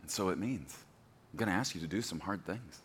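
A man's voice: low-pitched, animated, brisk, fairly bright tone, long reverb tail, slight background noise. A man in his forties preaching a sermon as a pastor, telling stories with laughter and self-deprecating humor. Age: 40s.

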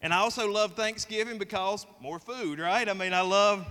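A Southern man delivers a sermon in a folksy, joking way, often asking the congregation questions. His voice is bright and a bit high. A long reverb from the church hall trails behind his words. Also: normal speed. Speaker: pastor. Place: church sanctuary.

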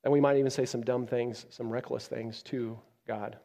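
Male pastor, sermon, swings between loud emphatic peaks and quiet low stretches, mid-pitched voice, long hall reverb. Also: steady tone, moderate pace, gravelly. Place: church.

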